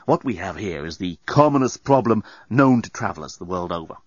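A man's voice: sits low, animated, brisk, no room sound. A man voicing a flustered, sarcastic man given to histrionics in an audiobook, stammering, on a dry, slightly dull recording. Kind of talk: audiobook character voice.

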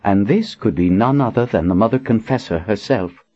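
A man voicing a dry, sharp-tongued elderly woman who is a retired prelate. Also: lowish voice, normal speed, highs cut off, close to an everyday voice.

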